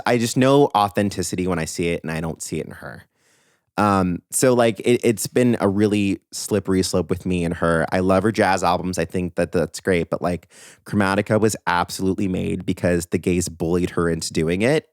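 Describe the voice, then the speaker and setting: Deep-voiced man giving blunt pop opinions. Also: no echo, clean studio sound. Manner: animated, opinionated, talks in bursts with fillers and emphatic asides. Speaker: podcast host. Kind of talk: opinionated pop culture commentary.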